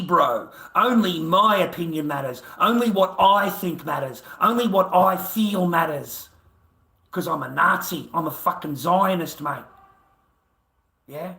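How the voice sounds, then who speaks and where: A man's voice: fairly high pitch, bright, forceful tone. An Australian man ranting on his livestream in a taunting, repetitive way, full of swearing. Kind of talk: profane livestream rant. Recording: roomy echo.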